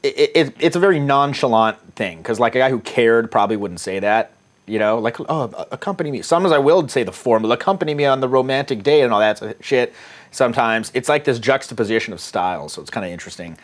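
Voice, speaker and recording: A man's voice: medium pitch, animated, fairly quick. A man, a dating coach, casually talking through text exchanges in a crude, irreverent, offhand way. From United States.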